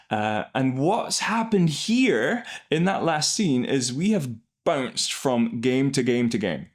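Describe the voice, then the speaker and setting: Enthusiastic man explaining improv. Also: medium pitch. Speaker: improv coach and host. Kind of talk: reaction and analysis commentary.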